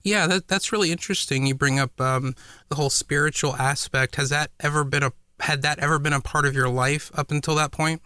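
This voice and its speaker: A podcast host speaks in a bright, crisp, smooth voice, recorded dry and close with no room sound. He asks long, rambling questions and restarts himself as he goes. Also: fairly high pitch, fairly even intonation, brisk, dry recording. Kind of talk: casual conversational interview.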